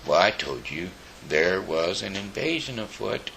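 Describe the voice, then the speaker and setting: A man's voice: low-pitched, sing-song, measured pace, vocal fry, pushed and bright, slight background noise, heavily acted, rough recording. A man voicing a fussy male boar in a storybook read-aloud, indignant about an invasion.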